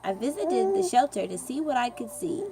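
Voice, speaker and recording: High sing-song woman reading to a baby. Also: very animated, a little fast, over music. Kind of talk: reading a picture book aloud.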